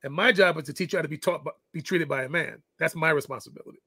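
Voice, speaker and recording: A man's voice: fairly high pitch, very fast, gravelly, pushed and bright, slightly rough, no echo. A middle-aged man and father telling a parenting story in casual chat, acting out the quoted lines. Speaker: guest, fitness coach and father.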